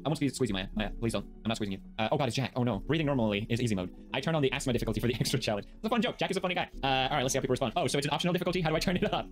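A man hosting a video, giving jokey reaction commentary on online posts at home and laughing often. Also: mid-range voice. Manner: animated, jokey, laughs often, talks to his pets. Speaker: video host.

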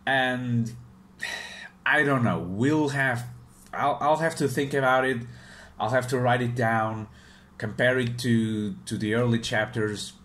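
A man's voice: medium pitch, takes it slowly, a bit bright. A man casually reviewing a manga chapter, hesitant and full of fillers and restarts.

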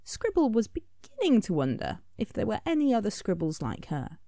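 Brief: woman reading a children's book, lively lilt, gravelly, mellow. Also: medium pitch, moderate pace, dry recording, studio quality. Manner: expressive, soft drop-offs into whisper. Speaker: author reading her picture book. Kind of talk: storybook read-aloud.

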